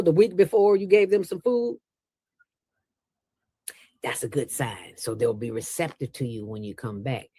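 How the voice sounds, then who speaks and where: A woman's voice: mid-range voice, darkish tone, dry recording. A woman who founded a nonprofit, speaking as an interview guest and telling stories in a colloquial, emphatic way with lots of quoted dialogue. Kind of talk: casual storytelling interview.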